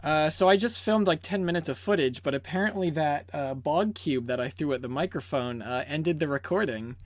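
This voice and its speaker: A man's voice: fairly high pitch, moderate pace. A young man rambling casually and swearing as he unboxes and sets up a microphone at home. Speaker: video creator. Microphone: desk microphone being set up.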